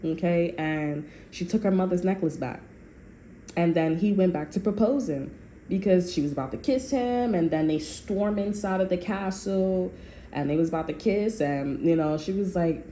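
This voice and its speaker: A blunt, foul-mouthed woman reads tarot in a casual monologue, her lowish voice at a moderate pace. She tells it with animated storytelling energy, recorded in an echoey room with a faint ambient hum.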